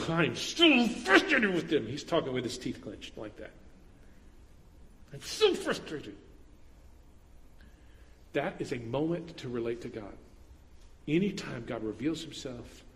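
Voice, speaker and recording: A man's voice: fairly high pitch, a bit bright, in a large hall. A man preaching an earnest sermon as pastor, stressing points with repetition.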